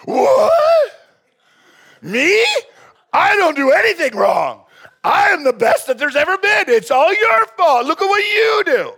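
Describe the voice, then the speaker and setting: A male pastor in a sermon voicing an indignant, self-righteous old patriarch who shouts his complaints. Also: very high-pitched, huge pitch swings, unhurried, voice pushed up, exaggerated voice. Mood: outraged. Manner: shouting, outraged, self-pitying.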